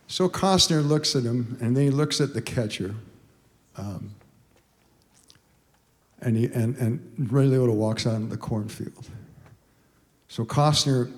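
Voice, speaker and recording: Older male singer, about 80, lowish voice, halting heartfelt stage talk, long hall reverb. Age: around 80. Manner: halting, emotional, many restarts and fillers. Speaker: singer telling a story on stage. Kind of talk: rambling spoken stage story between songs. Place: concert hall.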